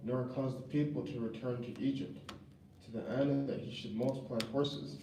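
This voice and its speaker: A man reading old-fashioned scripture verses aloud in class, steady and even. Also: medium pitch, normal speed. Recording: echoey room, mic far off, faint background hum.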